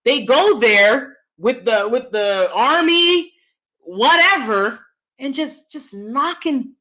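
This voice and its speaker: A woman from the United States hosting a livestream, talking in an emphatic, fiery, animated way and reading out super chats. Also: sits high, slow pace. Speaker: host.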